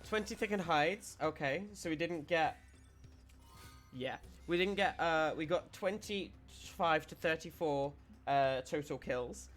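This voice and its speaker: A man's voice: a little high, slow, fairly bright tone, soft background music. A man streaming a video game, giving casual commentary as he explains tactics, often restarting his sentences.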